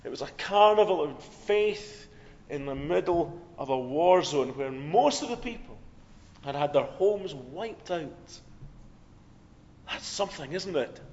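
A man preaching a sermon, telling stories with swings from loud, urgent passages to hushed ones. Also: a little high, lively intonation, unhurried. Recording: long hall reverb, dull lo-fi sound.

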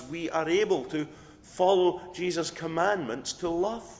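A hoarse man preaching a sermon as a pastor, measured and earnest. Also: fairly high pitch. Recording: dull lo-fi recording in a reverberant church.

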